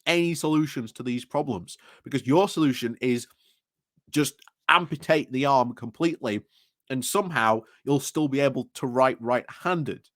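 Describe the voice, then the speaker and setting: A man's voice: a little high, moderate pace, no room sound, clean studio sound. A man giving opinionated video commentary in a sarcastic, rambling way, chuckling at his own points. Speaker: political commentator.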